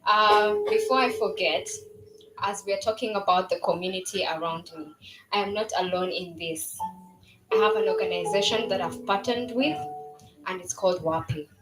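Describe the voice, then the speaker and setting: Speaking at a moderate pace in a mid-range voice, this twenty-something founder delivers a sincere launch speech for her new business, often stumbling with fillers and starting over. Music and crowd noise fill the spacious event venue around her.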